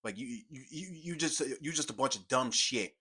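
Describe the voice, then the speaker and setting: A young man rants to his viewers, cursing freely and sounding exasperated. His voice dips into low, muttered asides, then jumps up high into loud outbursts. It is a casual, unscripted commentary delivery. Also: lively intonation, normal speed, husky. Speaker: commentary YouTuber. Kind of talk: ranting commentary.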